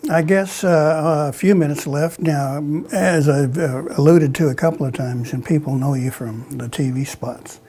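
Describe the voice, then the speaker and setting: A man's voice: fairly high pitch, normal speed, few pauses, mellow. A man hosting a radio interview, asking questions in a hesitant way with many fillers. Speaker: radio show host.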